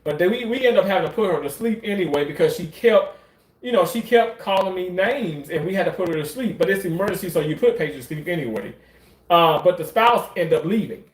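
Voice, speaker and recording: A man's voice: sits high, lively intonation, fairly quick. Profane storytelling man in an echoey room. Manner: profane, emphatic, repeats himself for effect. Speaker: commentator. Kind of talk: casual storytelling.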